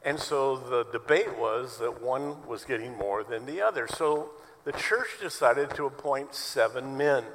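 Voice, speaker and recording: A man's voice: mid-range voice, measured pace, hardly any pauses, a bit bright, big-room sound, a little hiss or hum, poor audio. A man preaching a sermon as pastor to his church, telling stories in a conversational way. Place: church sanctuary.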